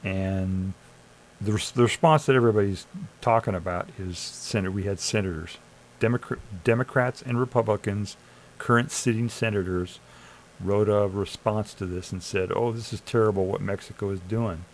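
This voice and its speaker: A man's voice: fairly low pitch, steady tone, moderate pace, slight background noise, poor audio. A man streaming live, reading chatbot answers aloud and arguing back with sarcasm, urging listeners to think. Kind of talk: casual commentary reading AI chat aloud.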